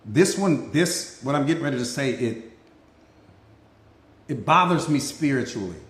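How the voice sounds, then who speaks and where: A man's voice: mid-range voice, expressive, normal speed, a bit bright, echoey room. A man giving a live motivational talk as a mindset coach, emphatic and preachy, repeating key lines and bantering with people in the audience by name.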